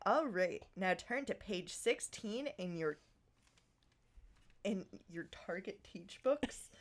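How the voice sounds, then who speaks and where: A woman's voice: mid-range voice, expressive, slow. A woman podcast host in casual chat, giggling as she reads her own fan fiction aloud with playful emphasis.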